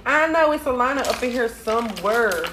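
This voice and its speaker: Wry, teasing woman with a lively pitch, recorded in an echoey room with background noise. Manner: teasing, wry, quick laughs. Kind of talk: casual chat while doing makeup.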